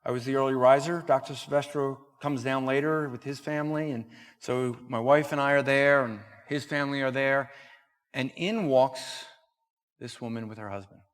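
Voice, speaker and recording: A man giving a conference talk at a church, telling a story and acting out the dialogue in an animated way. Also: medium pitch, moderate pace. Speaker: conference speaker. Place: church hall. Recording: reverberant church hall.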